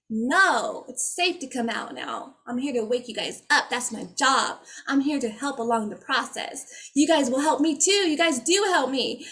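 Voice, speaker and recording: A woman's voice: high voice, animated, unhurried, bright, forceful tone. A woman speaking as a spiritual energy healer, in a casual, heartfelt talk to her viewers, effusive and rambling with frequent restarts.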